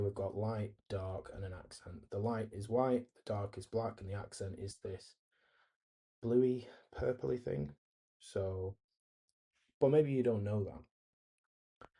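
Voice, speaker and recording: A man's voice: fairly low pitch, warm tone, husky. A man hosting a screen-recorded coding tutorial, talking easily and thinking aloud as he types and reads replies. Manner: easygoing, thinks aloud while typing and reading replies. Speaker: tutorial host.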